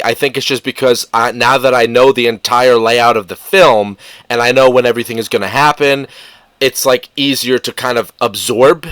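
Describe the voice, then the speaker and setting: A man's voice: medium pitch, a bit bright, no echo. A man hosting a casual reaction commentary, rambling through fillers and self-corrections and talking back sarcastically to an article's author. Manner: sarcastic, argumentative, addresses the article's author directly. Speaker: commentary channel host.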